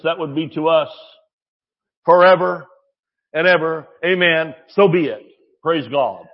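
A man preaching a sermon with exuberant energy, swinging from shouts to quiet asides. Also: sits high, lo-fi sound.

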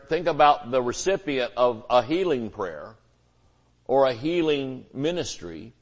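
A man preaching a sermon as pastor, folksy and conversational, with homespun illustrations. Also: medium pitch.

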